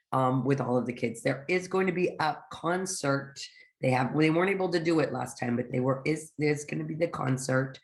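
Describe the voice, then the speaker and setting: Hoarse raspy-voiced woman presenting. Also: extremely low pitch, darkish tone. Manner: upbeat, chatty, with frequent ums. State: hoarse from the end of a cold. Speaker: guest presenter. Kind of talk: webinar presentation. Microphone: online video call.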